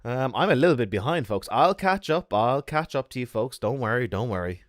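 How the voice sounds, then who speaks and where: A man's voice: mid-range voice, lively intonation, a little fast, no room sound, clean studio sound. An Irish man chatting casually with his stream viewers, talkative and rambling. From Ireland.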